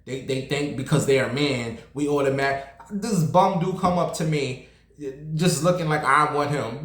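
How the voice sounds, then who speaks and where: A man's voice: a little high, moderate pace, reverberant. Sassy New man telling a story. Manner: sassy, animated, blunt storytelling. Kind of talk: casual storytelling vlog.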